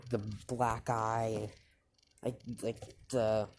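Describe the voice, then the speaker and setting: A woman with an unusually deep voice tells a fan story slowly and casually. She rambles, restarts often and leans on fillers. A noisy hiss runs under the recording. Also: little pitch movement, darkish tone.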